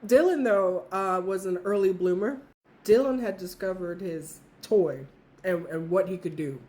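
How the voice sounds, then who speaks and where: A woman's voice: fairly low pitch, unhurried, warm tone. A young woman casually telling a funny story from her childhood, swearing freely and laughing often.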